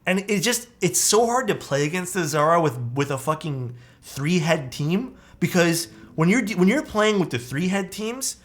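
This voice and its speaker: A young man chatting casually on a live stream, animated and swearing often, calling his viewers dude. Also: high voice, moderate pace, hardly any pauses.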